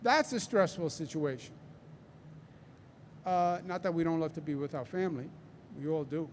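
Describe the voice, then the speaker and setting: A man's voice: a little high, normal speed, slight background noise. A man with a Queens New York accent giving a public press briefing, emphatic and repeating key phrases for stress. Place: large indoor hall.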